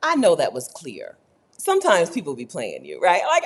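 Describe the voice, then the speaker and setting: Woman vlogger, lowish husky voice, lively swooping pitch, chatty and animated; casual to-camera talk. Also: moderate pace. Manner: chatty, animated, keeps asking "right?". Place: rented apartment.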